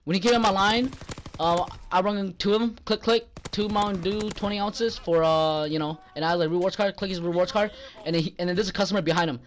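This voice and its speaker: A man's voice: high voice, steady tone, quick pace, a little hiss or hum. A young man telling a profane, rambling story about a rude customer at work, getting heated when he quotes himself. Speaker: gaming channel vlogger. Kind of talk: casual storytelling.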